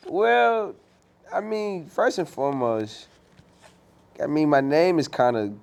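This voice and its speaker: A man's voice: on the high side, lively intonation, takes it slowly, gravelly, darkish tone, clear, resonant tone. Slangy, storytelling man. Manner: loose, slangy storytelling with many fillers. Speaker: musician guest. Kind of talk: casual interview chat.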